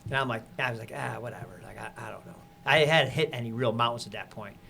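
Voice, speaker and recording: A man, a podcast guest, telling a lively story in casual conversation and acting out the people he quotes. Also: medium pitch, fast talker, vocal fry, a little hiss or hum. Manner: animated, acts out quotes with laughter.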